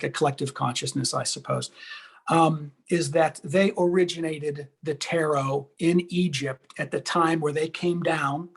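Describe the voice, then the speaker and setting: A man's voice: fairly high pitch, gravelly, slightly rough. A man being interviewed over a video call, earnest and enthusiastic, often repeating words as he searches for them. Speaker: guest, tarot teacher.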